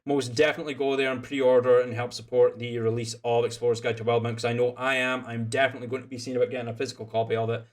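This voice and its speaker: Rapid-fire and flat, with hardly a pause, a young Scottish stream host who also served as game master chats loosely after a tabletop game session. His voice is medium-pitched, and his talk wanders with lots of fillers and restarts.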